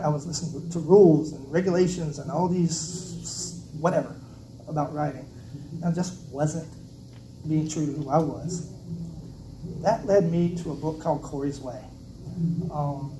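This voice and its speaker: A man from South Carolina, an author giving a casual, joking talk about his writing. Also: a little high. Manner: casual, conversational, joking asides. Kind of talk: personal storytelling speech. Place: event venue, indoors. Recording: roomy, distant mic, noisy.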